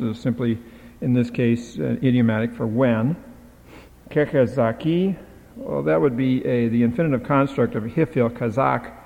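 Gravelly-voiced man lecturing haltingly. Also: medium pitch. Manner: halting, with frequent filler sounds. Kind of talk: lecture explaining Hebrew grammar. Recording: dull lo-fi sound in a reverberant hall.

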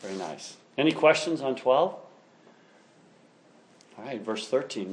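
A man's voice: medium pitch, expressive, unhurried, pauses often, slight background noise. Enthusiastic male teacher lecturing a class. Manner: enthusiastic, explanatory, reads passages aloud.

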